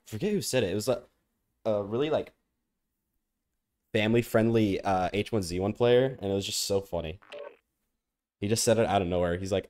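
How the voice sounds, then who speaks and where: A man's voice: on the low side, brisk, pauses often, a little mellow. A man streaming a video game, chatting in a playful, rambling way and coughing now and then. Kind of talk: casual gaming stream chat.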